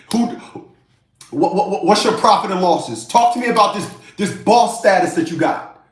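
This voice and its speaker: A man delivers a ranting commentary vlog in a fairly high voice, animated and mocking. He repeats phrases for emphasis. The recording carries a roomy echo. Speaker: YouTube commentator.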